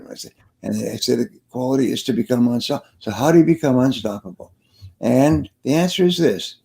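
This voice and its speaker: An older man with a gravelly edge to his voice speaks as a guest in an interview. He sounds earnest, coaching listeners on sales and repeating his key phrases for emphasis, at an ordinary mid-range pitch. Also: a little mellow. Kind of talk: interview, storytelling advice.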